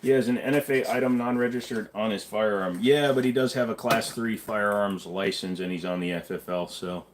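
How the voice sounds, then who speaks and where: A man's voice: fairly low pitch, a little fast, hardly any pauses, background noise. A man hosting a casual livestream and answering chat in a blunt, offhand way, swearing now and then. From Canada. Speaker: livestream host reading chat.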